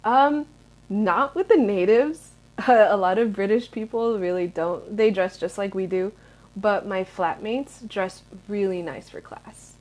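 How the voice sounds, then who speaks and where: In this laid-back Q&A vlog, a twenty-something woman from the United States rambles through viewer questions, leaning heavily on fillers. She speaks unhurriedly in a mid-range, slightly mellow voice.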